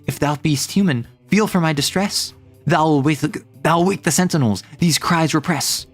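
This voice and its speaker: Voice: medium pitch, moderate pace, faint music behind, natural voice. A streamer reading the lines of a young man urging his imprisoned lover to flee, in a dramatic reading of a classic play. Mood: urgent.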